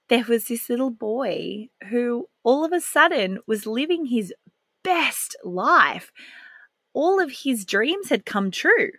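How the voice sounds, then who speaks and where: A woman's voice: fairly low pitch, fairly bright tone, no echo. Candid mum telling her story. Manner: candid, heartfelt, laughs while recalling. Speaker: parenting podcast host. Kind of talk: personal storytelling podcast.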